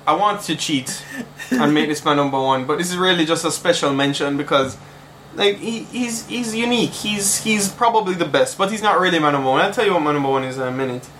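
A man's voice: a little high, fairly quick, hardly any pauses, fairly bright tone, a little hiss or hum. A man co-hosting a casual podcast, rambling and restarting his sentences as he ranks favorites. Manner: rambling, self-interrupting, with fillers. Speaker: podcast co-host. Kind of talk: casual chat.

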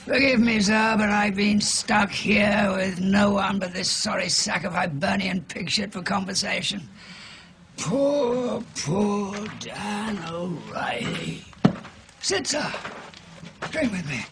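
An actor playing a pompous older adventurer in a film scene, speaking in a florid, theatrical, old-fashioned way. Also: male voice, high voice, slow. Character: pompous older male drunken frontier adventurer. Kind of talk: film dialogue. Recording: noisy film clip audio.

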